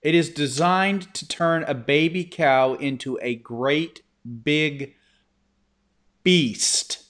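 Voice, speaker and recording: A man's voice: fairly high pitch, takes it slowly, a bit bright. A man hosting a casual live-stream chat, speaking emphatically with firm opinions. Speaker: host.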